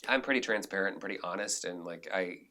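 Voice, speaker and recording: A man's voice: low voice, fast talker, pushed and bright, slight background noise. A man, a film director as a podcast guest, talking candidly in a casual interview with frequent restarts and fillers.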